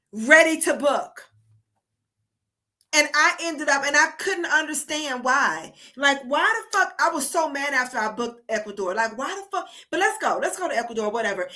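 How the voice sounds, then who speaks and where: Woman, from the United States, livestream host, high voice, bright tone, profane, emphatic. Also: animated, moderate pace. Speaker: streamer host. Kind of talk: casual livestream rant.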